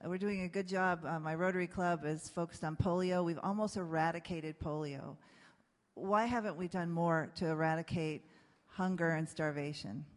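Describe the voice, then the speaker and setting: A woman's voice: fairly low pitch, fairly even intonation, moderate pace. A woman moderating a panel, earnestly rallying the audience, in an echoey hall. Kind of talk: panel discussion.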